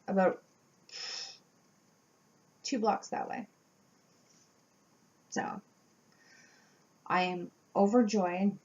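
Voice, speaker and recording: A woman vlogger telling a storytime tale in a casual, animated way, acting out the voices of people she quotes. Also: mid-range voice, vocal fry, muffled recording. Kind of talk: storytime vlog.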